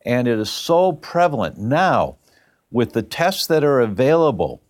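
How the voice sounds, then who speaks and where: A man's voice: medium pitch, sing-song, measured pace. A man telling a personal story as a guest, emphatic and plain-spoken.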